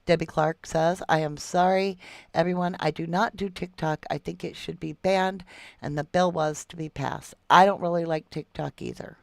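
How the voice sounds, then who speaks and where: A woman's voice: fairly low pitch, steady tone, normal speed, gravelly, a little mellow, no room sound. A middle-aged woman hosts a true crime livestream, reading viewer comments and calling them love and sweetheart.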